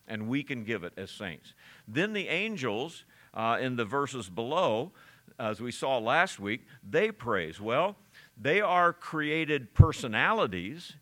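A pastor preaching an expository sermon, earnest and halting, with frequent fillers and repeated words. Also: male voice, mid-range voice, pushed and bright.

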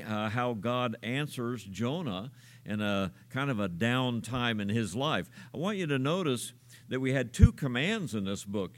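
A pastor gives a sermon in a steady, middle-pitched voice. He preaches without hurry, pausing on filler sounds and putting questions to his listeners.

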